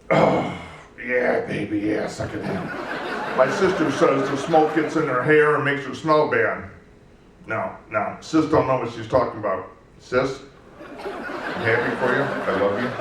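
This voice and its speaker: A comedian voicing a middle-aged chain smoker who groans with pleasure and talks in a raspy, deadpan way. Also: male voice, mid-range voice, lightly acted. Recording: roomy live venue, distant mic, noisy.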